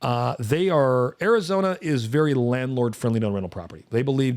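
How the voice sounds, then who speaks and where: A man in his forties talks investing in quick, emphatic bursts, pressing his points with a steady middle pitch. The sound is close and dry, with no room around it. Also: no room sound. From rural United States. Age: 40s. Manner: fast, emphatic, addresses co-host directly. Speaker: podcast host. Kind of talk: casual investing talk.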